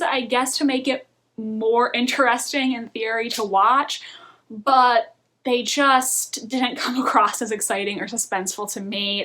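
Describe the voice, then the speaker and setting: Candid female reviewer, casual vlog delivery, slightly high, bright tone. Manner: chatty and candid, laughs often. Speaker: book and film reviewer.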